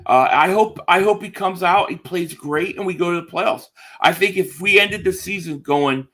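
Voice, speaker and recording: Man, sports podcast co-host, confident, emphatic, slightly high pitch. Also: expressive, moderate pace, few pauses, fairly bright tone. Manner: confident, emphatic, repeats words. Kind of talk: casual sports chat.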